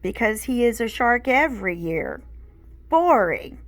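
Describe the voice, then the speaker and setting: A loud young schoolboy who loves to mock his classmates, played by a woman reading aloud. The voice jumps up high and pushes out loudly. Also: very animated, a little slow. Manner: loud and mocking.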